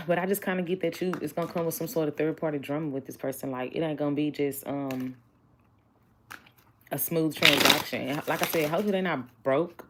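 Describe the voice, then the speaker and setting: A woman's voice: sits low, fairly even intonation, brisk, background noise. A chatty woman doing a casual tarot reading, blunt and joking with her viewers. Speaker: tarot reader.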